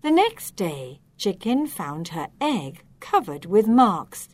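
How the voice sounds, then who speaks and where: A woman reading a children's story aloud, slow, expressive and clearly enunciated. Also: medium pitch, no room sound.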